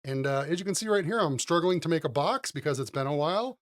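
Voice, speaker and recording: A middle-aged man hosting a retro computer graphics channel, talking viewers through a software tutorial in an enthusiastic, chatty way. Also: a little high, expressive, fast. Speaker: host of a retro 3D animation channel. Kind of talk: casual screen-recorded software tutorial.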